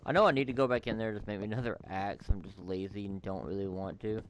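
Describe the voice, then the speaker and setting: A man's voice: lowish voice, quick pace, slight background noise. A man giving casual, rambling let's-play commentary as a gaming YouTuber, amused by his own asides.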